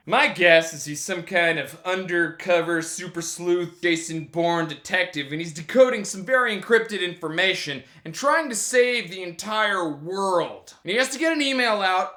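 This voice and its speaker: A man hosting a comedic vlog monologue, animated and theatrical, with plenty of profanity. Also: high voice, a little slow, hardly any pauses. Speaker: vlog host.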